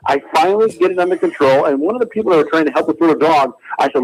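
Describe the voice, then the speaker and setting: Male radio caller on a phone line, excitable storyteller, husky, higher-pitched. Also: very fast, few pauses. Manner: excitable, acts out quotes. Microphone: telephone.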